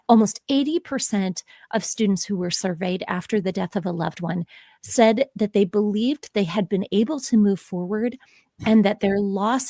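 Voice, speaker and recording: A woman author being interviewed on a podcast, speaking in a gentle, measured and thoughtful way. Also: medium pitch, gravelly, dry recording, studio quality. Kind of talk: reflective interview conversation.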